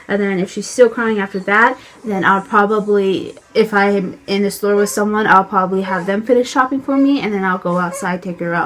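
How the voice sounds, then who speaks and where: A woman's voice: medium pitch, fairly bright tone, slight background noise. A young woman and new mother talking casually to camera at home while feeding her baby, chatty and full of filler words.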